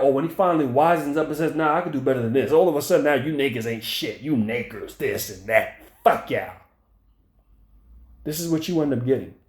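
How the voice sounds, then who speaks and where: A man's voice: on the high side, a little mellow. A man hosting a commentary video, ranting in a profane, heated and mocking way. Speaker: commentary channel host. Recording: echoey room.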